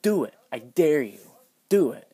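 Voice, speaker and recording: A man's voice: high-pitched, normal speed, warm tone, dry recording, pitched above the performer's own voice, close to an everyday voice. A young man imitating a defiant teenage classmate, raising his voice and mocking him. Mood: daring.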